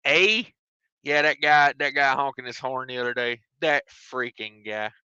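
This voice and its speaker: A man's voice: medium pitch, moderate pace, pushed and bright, clear, resonant tone, no room sound, highs cut off. A man, a trucker chatting on his live stream from his truck cab and reading out viewer comments with jokes. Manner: drawling, joking, self-mocking.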